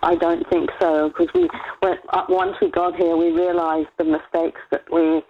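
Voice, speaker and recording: A woman's voice: lowish voice, normal speed, a little hiss or hum. Giggly older English woman on a phone line. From England. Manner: chatty, giggly, hesitant and rambling. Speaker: radio caller. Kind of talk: phone-in chat.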